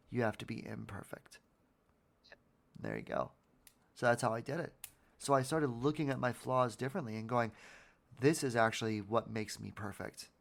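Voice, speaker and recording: This podcast host has a creaky, mid-range voice. He discusses motivation in a relaxed yet sincere manner, frequently doubling back on words and cursing from time to time.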